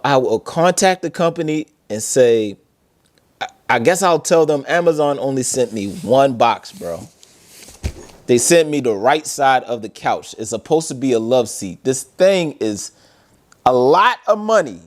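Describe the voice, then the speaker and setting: Man, casual review-vlog host at home, talks straight to his viewers, mid-pitched, easygoing. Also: lively intonation, unhurried, darkish tone. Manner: chatty, addresses viewers directly, frequent "you guys" and "bro". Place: at home, unboxing furniture.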